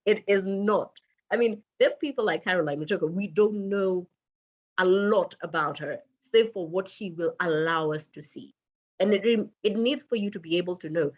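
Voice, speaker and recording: Emphatic Kenyan woman, low muffled voice. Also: normal speed. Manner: emphatic, quotes people directly. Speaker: radio manager, guest speaker. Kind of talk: talk on self branding.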